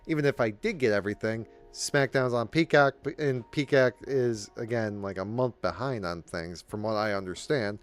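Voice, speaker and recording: A man's voice: lowish voice, normal speed, few pauses, soft background music. A man hosting his own channel, giving casual commentary on the news. He rambles, breaks off mid-sentence and slips in apologetic asides. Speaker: channel host.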